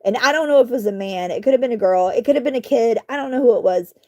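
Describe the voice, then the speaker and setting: A woman vlogger telling a story in casual speech. She rambles with lots of fillers and asides and keeps clearing her throat. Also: fairly high pitch, racing. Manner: rambling, animated retelling with many fillers and asides.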